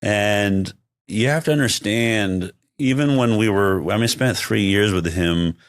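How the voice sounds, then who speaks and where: A man's voice: on the low side, measured pace, clean tone, no echo, studio quality. A man speaking as an interview guest in casual conversation, emphatic and often restarting his sentences.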